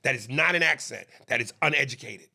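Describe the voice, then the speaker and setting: A man co-hosting a podcast, ranting comedically with an animated delivery and mocking impressions. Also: mid-range voice, fairly quick, creaky. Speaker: podcast co-host. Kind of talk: comedic rant.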